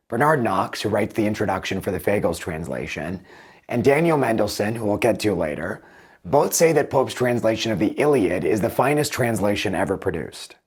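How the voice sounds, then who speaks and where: A man hosting a video, explaining and comparing book translations in a measured, thoughtful way. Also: fairly low pitch, breathy edge. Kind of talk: explanatory commentary with read-aloud passages.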